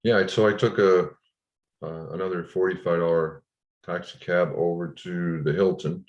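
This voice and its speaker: A man telling of his ordeal in an interview, frustrated and indignant, with halting restarts. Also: sits low, steady tone, echoey room. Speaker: interview guest. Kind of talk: recounting a personal ordeal in an interview. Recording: dull lo-fi audio.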